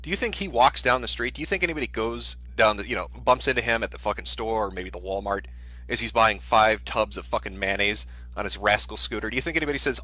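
A man's voice: medium pitch, expressive, brisk, bright, forceful tone, no room sound. A man ranting in profane, sarcastic commentary, mocking a streamer as he reads his posts aloud.

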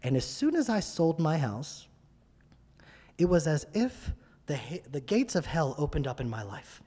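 A middle-aged man giving an animated, emphatic testimony as a guest speaker in a church. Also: on the high side, measured pace. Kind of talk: sermon-style testimony. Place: church hall. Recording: reverberant church hall.

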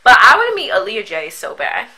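A woman's voice: on the high side, huge pitch swings, a little fast, pushed and bright, low-quality recording. A young woman talking casually to her vlog audience, goofy and overdramatic, with lots of slang. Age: young adult. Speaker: vlogger. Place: at home while packing. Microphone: built-in camera mic.

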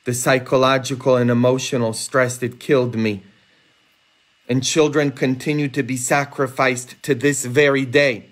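A man preaching a homily, earnest and emphatic, rising high and intense for rhetorical questions. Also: flat delivery, moderate pace. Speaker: priest. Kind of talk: sermon. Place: church, livestreamed.

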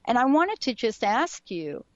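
A woman's voice: a little high, sing-song, unhurried, dry recording, lo-fi sound. A woman hosting a radio talk show, chatty and effusive as she introduces her guest. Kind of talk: radio interview.

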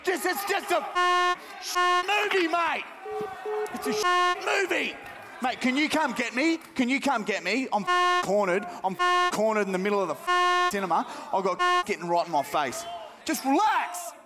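A man's voice: extremely high pitch, animated, unhurried, loud music behind the voice. A man with an Australian accent, a comedy host making a prank phone call from a live stage and playing a rambling, fed-up cinemagoer. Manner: mock-panicked, yelling at imagined crowd.

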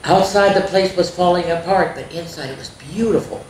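A woman reading a spooky children's story aloud, expressive, with gasps and little asides to young listeners. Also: fairly low pitch, moderate pace, a little hiss or hum. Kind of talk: reading a spooky picture book aloud to kids. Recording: roomy echo.

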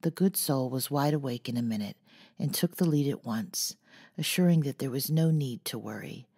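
A woman narrating an audiobook in a soft, measured way, sometimes nearly whispering, with a husky voice. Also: extremely low pitch. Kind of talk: audiobook reading.

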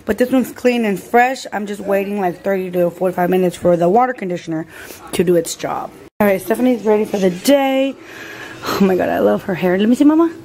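A young family vlogger talks casually to her camera indoors at home, narrating chores and her kids' routine in a mid-range voice, a little fast, and tossing Spanish words to her kids. The home video carries steady background noise.

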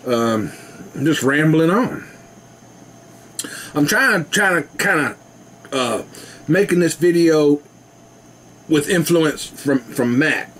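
A man's voice: fairly high pitch, expressive, slow, long pauses, fairly bright tone, slight background noise. A man rambling casually to his camera at home, laughing often. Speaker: vlogger. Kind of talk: casual rambling video chat.

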